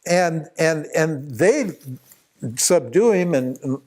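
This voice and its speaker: Animated older-sounding storytelling teacher. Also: male voice, a little high, drawn-out words, a crowd in the background. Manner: rambling, animated anecdote with many restarts and laughs. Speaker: spiritual teacher. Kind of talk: storytelling talk at a retreat.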